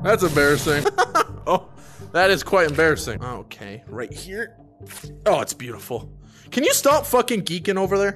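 A man's voice: a little high, big pitch swings, normal speed, long pauses. Wildly swinging, swearing gaming commentator man. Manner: loud, swearing, erratic bursts and laughs. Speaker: gaming YouTuber. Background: game music.

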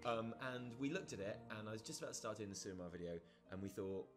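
A man's voice: lowish voice, fast, over music. A man co-hosting a casual gaming chat, teasing and joking. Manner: jokey, teasing, animated storytelling. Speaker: co-host.

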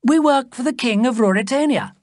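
A woman's voice: a little high, lively intonation, brisk, a little mellow, no room sound, studio quality, voice pushed up, lightly acted. A woman voicing an earnest young courtier. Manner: polite, cautious speech. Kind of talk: storybook character voice.

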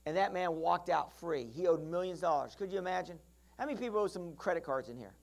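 Pastor preaching with animated storytelling. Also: medium pitch, quick pace, creaky. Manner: storytelling, acting out Bible characters; calls out to the congregation for responses. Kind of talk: sermon.

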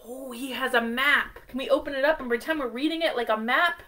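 A woman's voice: a little high, lively intonation, unhurried, hardly any pauses, bright, forceful tone. A woman leading a children's library storytime, singing short rhymes and coaxing young kids to join in. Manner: cheerful sing-song, coaxing young children.

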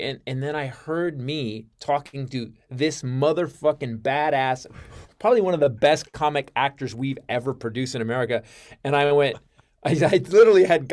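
A middle-aged male comedian telling a story as a podcast guest, profane, swinging between loud outbursts and low mutters. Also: lively intonation, moderate pace. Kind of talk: animated storytelling.

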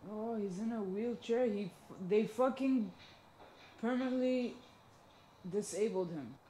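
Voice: mid-range voice, measured pace, dark tone, reverberant, slight background noise. A movie reaction host giving a blunt, profane running commentary while watching a film.

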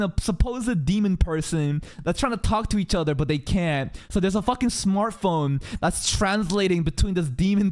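A woman reacting live to an anime, excitable and profane, laughing often and thinking aloud. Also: fairly low pitch. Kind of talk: casual live reaction commentary.

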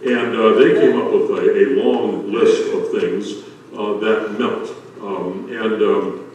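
Older male pastor, loud booming voice, folksy humor, recorded far off in a roomy church. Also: fairly even intonation, slow, a little hiss or hum. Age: 60s. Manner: folksy, joking storyteller. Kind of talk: sermon. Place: church sanctuary. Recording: very echoey, distant church room.

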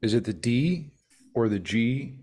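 A man's voice: mid-range voice, lively intonation, a little slow, a little mellow. A man hosting a comedic interview, teasing his guest with mock-serious cheeky questions. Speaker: show host.

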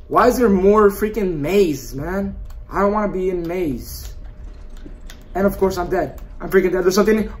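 Jumpy man yelling through a horror game. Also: high-pitched, normal speed. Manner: jumpy and excitable, yelps at scares then mutters to himself; trash-talks the game with constant mild cursing. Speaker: gaming YouTuber. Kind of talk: let's-play horror game commentary.

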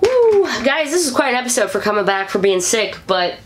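A woman from St. Louis hosting a weekly fan news vlog, upbeat and chatty, breaking into excited whoops. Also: mid-range voice, quick pace, a little hiss or hum. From St. Louis, USA.

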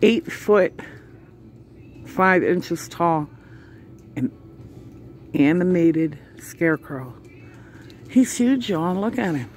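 A woman's voice: on the low side, lively intonation, extremely slow, pauses often, a little mellow, a little hiss or hum. A woman chatting casually to viewers while shopping, often chuckling, filmed on a handheld phone inside a large store. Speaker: shopping vlogger. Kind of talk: casual running commentary.

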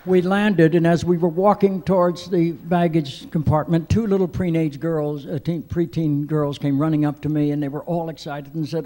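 Older male keynote speaker, mellow tone, dry self-deprecating humor, halting delivery, reverberant hall mic. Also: on the high side, steady tone. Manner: wry self-deprecating storyteller, many hesitant "uh"s. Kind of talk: anecdotal after-breakfast speech. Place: large banquet hall.

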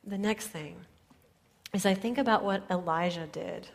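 A woman pastor giving an earnest sermon, often dropping her voice to a soft near-whisper for emphasis. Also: on the low side, unhurried, vocal fry.

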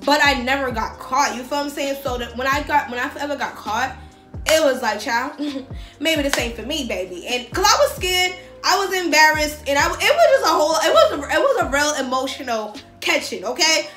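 A young woman, telling a story on her vlog in a slangy, profane, animated way. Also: sits high, fairly quick. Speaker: vlogger. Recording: echoey room with faint music.

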